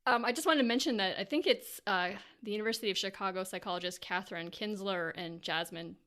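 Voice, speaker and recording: Calm woman podcast host. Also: medium pitch, quick pace. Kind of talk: casual interview talk.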